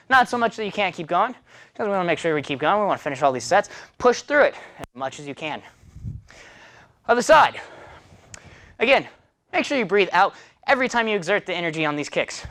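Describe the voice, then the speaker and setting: A man's voice: high voice, animated, a little fast, pauses often, a bit bright. A man teaching a follow-along taekwondo class, counting kicks aloud and coaching between sets in a chatty, self-deprecating way while breathing hard from the workout. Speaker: taekwondo instructor.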